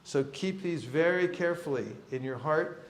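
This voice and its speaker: A man with a slightly raised voice teaches a live audience in a lively, humorous way, acting out little scenes of meeting people on the street. The sound is roomy, with the echo of a hall around him. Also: on the high side, normal speed. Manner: humorous, acts out street encounters. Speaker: seminar teacher. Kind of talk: lively seminar talk.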